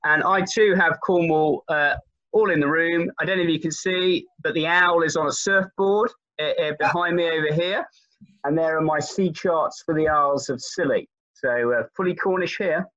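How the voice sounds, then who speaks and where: Jokey male barrister panelist, bright tense voice, muffled lo-fi call audio. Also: on the high side, moderate pace. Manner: jokey, relaxed. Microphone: video call. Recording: dull lo-fi video call audio.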